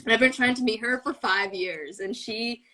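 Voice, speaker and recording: A woman's voice: fairly high pitch, moderate pace, pushed and bright, poor audio. A young woman telling a fan story in a casual chat, gushing and breathless with many fillers. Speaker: fan panelist.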